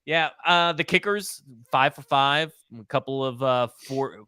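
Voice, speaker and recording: A man hosting a sports podcast in a bright, forceful voice, chatting casually with a cohost. He talks bluntly, cracks jokes and swears without a second thought. The sound is dry and close to the mic. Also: fairly high pitch, measured pace, smooth, no room sound. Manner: blunt, joking, swears freely. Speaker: podcast host.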